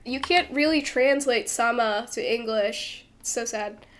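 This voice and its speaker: A woman's voice: fairly high pitch, a little slow, slight background noise. A woman streaming as she translates a manga, chatting casually and thinking aloud with many fillers and restarts, from a desk microphone at home. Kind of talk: casual livestream commentary.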